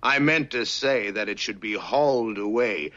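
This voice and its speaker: A man's voice: lowish voice, normal speed, natural voice. An actor playing a swaggering male alien warrior who taunts and mimics a Scottish accent, from a played TV clip. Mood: mocking. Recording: dull lo-fi TV audio.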